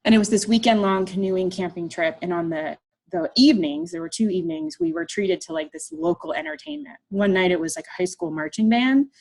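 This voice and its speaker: A middle-aged woman artist giving a humorous talk, telling a personal story to an audience in a lively, self-deprecating way and acting out the people in it. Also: mid-range voice, fairly quick, few pauses.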